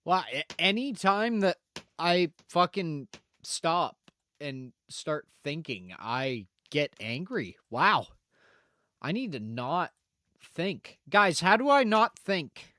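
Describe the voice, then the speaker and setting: A man's voice: on the high side, big pitch swings, slow, sharp tone, no room sound. A man streaming and chatting casually with his live audience, rambling, profane and self-mocking.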